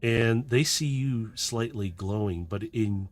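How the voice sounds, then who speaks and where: A man narrating a tabletop game as game master, slow and descriptive with frequent restarts. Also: fairly low pitch.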